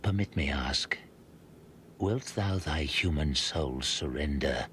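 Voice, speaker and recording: Deep, slow ancient rat lord. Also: male voice, fairly bright tone, slight background noise, heavily acted. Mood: menacing. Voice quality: deep, slow, archaic formal speech. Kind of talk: video game character dialogue.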